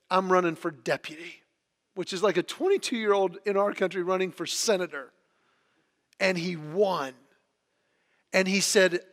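A man telling stories to an audience in an animated way, acting out the quotes and often repeating his words. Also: sits high, big-room sound. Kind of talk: storytelling talk to an audience.

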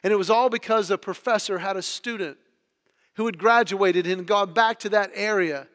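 Bright-voiced, animated man telling stories. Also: sits high, moderate pace, in a large hall. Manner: animated, acts out quotes, repeats words. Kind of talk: storytelling talk to an audience.

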